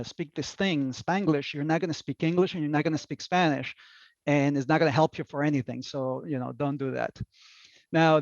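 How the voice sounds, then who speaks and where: A man gives a relaxed talk about slides, rambling a little with fillers and restarts and chuckling at his own jokes. His voice sits a bit high. The sound is dull and muffled, with a dry, close feel. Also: no room sound. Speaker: lecturer presenting slides. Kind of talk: casual presentation talk.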